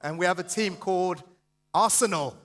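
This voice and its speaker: A man giving a passionate, fast sales seminar and quizzing the audience. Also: sits high, fairly bright tone. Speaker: sales trainer speaking at a seminar. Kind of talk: live motivational seminar talk.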